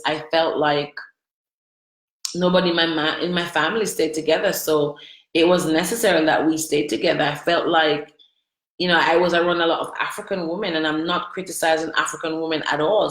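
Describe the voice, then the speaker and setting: A woman's voice: deep voice, fairly bright tone. A woman telling her personal story to viewers, candid, emotional and confiding. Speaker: vlogger. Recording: roomy echo.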